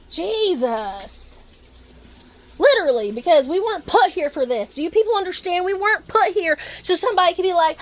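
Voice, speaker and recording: High-voiced woman ranting into her vlog. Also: very animated, normal speed. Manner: rambling, profane, laughs between thoughts. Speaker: vlogger. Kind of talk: casual rant to camera. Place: at home, indoors.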